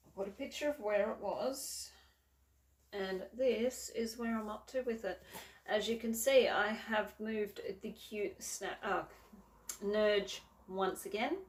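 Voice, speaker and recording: In a slow, mid-range voice, a woman rambles through a casual show-and-tell about her cross-stitch projects, correcting herself and using many fillers. The recording sounds roomy, as if captured from a distance.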